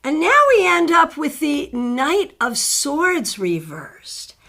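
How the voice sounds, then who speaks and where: A middle-aged woman hosting a live tarot stream, chatting warmly as she greets viewers by name and reads their cards. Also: high voice, sing-song, slow pace, vocal fry.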